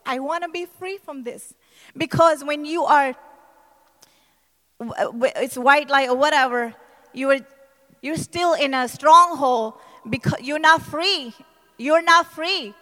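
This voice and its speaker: Woman minister, passionate church testimony. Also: a little high. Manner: emotional, builds to passionate shouting. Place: church service. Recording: reverberant church hall.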